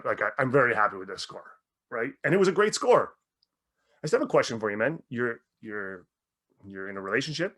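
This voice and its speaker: A man's voice: mid-range voice, a bit bright. A man working as a mindset coach for athletes, telling stories animatedly in a podcast interview and swearing freely.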